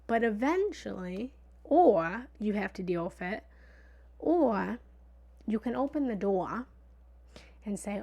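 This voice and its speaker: A woman giving a motivational talk in a lively, conversational way. She sometimes drops into a whisper for emphasis and repeats phrases playfully. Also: medium pitch, takes it slowly, gravelly, pauses often. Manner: repetitive, playful analogies. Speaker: motivational speaker.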